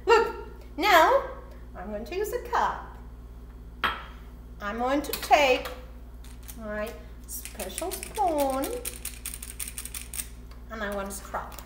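High, lively woman teaching kids. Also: drawn-out words, long pauses, roomy sound, background noise. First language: Spanish. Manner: animated and sing-song, with frequent excited gasps. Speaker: teacher for children. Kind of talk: playful cooking lesson for kids.

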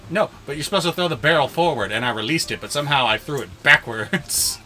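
A man's voice: mid-range voice, quick pace, faint music behind. A man co-hosting a let's-play video, chatting casually and laughing often as he plays. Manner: laughs often, lively and joking. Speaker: gaming co-host.

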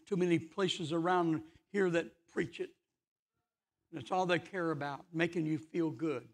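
A man's voice: a little high, fairly even intonation, normal speed. A man preaching a fervent church sermon, emphatic and full of rhetorical questions. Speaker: pastor.

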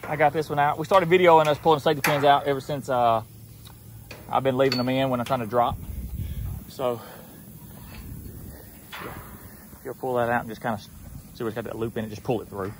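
A man's voice: medium pitch, fairly even intonation, brisk, pauses often, background noise. A man narrating a casual outdoor vlog as a hog trapper, chatting in a folksy way with asides to his viewers. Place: outdoors near a house.

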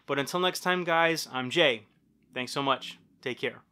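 A man's voice: medium pitch, unhurried, heavy background noise. A man in his thirties hosting a casual film review, enthusiastic and talking straight to his viewers. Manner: enthusiastic, addresses viewers as "guys". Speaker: film reviewer, channel host.

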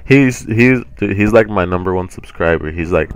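A man's voice: sits low, moderate pace, clean tone. A young man hosting a gaming channel, rambling in casual chat with lots of restarts and fillers, his voice groggy from just waking up. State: groggy morning voice.

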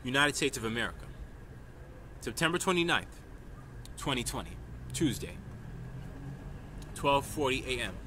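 A man's voice: mid-range voice, very animated, moderate pace, pauses often, noisy background. A man from New York delivering a rambling, emphatic stream-of-consciousness vlog monologue, often tagging his points with "right?". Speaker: vlogger.

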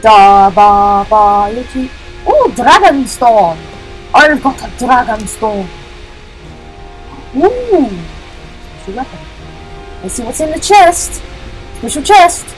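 A woman hosting a gaming channel, giving jokey, excitable let's-play commentary, yelling and chanting at the game as she plays. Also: fairly high pitch, rough recording. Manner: jokey, self-mocking.

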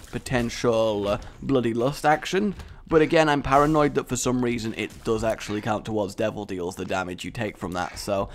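Young British male gamer, rambling comic commentary, lively swooping pitch, silly asides. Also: slight background noise. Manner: jokey, rambling, breaks into silly accents. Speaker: gaming commentator. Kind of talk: let's play commentary.

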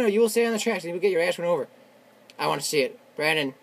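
Excitable young gamer yelling at the game. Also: male voice, sits high, rapid-fire, vocal fry, a little hiss or hum. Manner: excitable, yells and swears at the game. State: voice worn from shouting. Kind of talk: casual gameplay commentary. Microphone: tablet on a desk.

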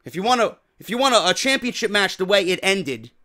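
A man's voice: sits high, very animated, brisk, sharp tone. A man with a New York accent hosting a wrestling podcast, ranting profanely and firing off rhetorical questions. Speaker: podcast host.

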